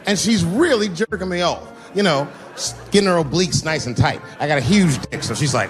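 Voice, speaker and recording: A man's voice: fairly high pitch, lively intonation, brisk, hardly any pauses, over music. A middle-aged man doing stand-up comedy on stage, telling loose, profane stories full of acted-out quotes. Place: comedy stage before a live audience.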